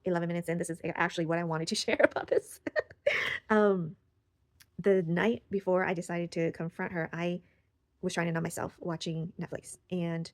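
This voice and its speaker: A woman's voice: lowish voice, steady tone, normal speed, no room sound. A young woman sharing a personal story in casual, rambling talk full of fillers and restarts, recorded close on the mic. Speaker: channel host.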